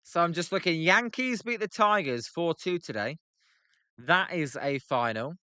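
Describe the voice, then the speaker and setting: Chatty British man, bright clear voice. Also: a little high, lively intonation, a little slow, dry recording. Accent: British English. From Britain. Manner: chatty, banters with chat, plays with pronunciations. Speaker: livestream host reacting to a baseball game. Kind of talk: casual live-stream commentary, reading chat.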